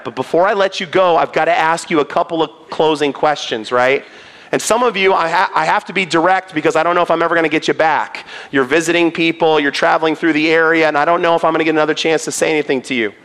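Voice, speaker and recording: A man's voice: a little high, fast talker, a bit bright. A male pastor preaching a sermon in a church, earnest and pleading as he speaks directly to his listeners.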